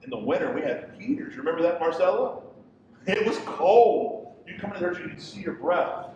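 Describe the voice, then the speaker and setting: A middle-aged male pastor preaching, impassioned, swinging from loud pleading questions to quiet storytelling. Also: sits high, expressive, moderate pace, a little hiss or hum. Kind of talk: sermon. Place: church hall. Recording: echoey hall from far off.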